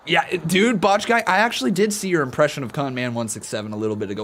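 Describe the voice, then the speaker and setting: A man's voice: on the high side, fast talker, fairly bright tone. A man hosting a casual live stream, reading out donations and chatting with viewers, laughing at his own jokes. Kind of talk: casual watch-along chat with live chat.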